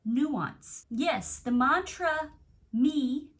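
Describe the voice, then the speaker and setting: A woman's voice: sits high, very slow, fairly bright tone. A young adult woman coach giving an earnest, reflective self-help talk straight to the viewer. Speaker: manifestation coach.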